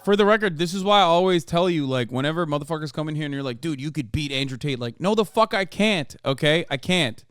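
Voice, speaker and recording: A man streaming his reaction to a video, excitable and rambling and swearing a lot. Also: fairly high pitch, quick pace, few pauses, a little hiss or hum. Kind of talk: casual reaction commentary.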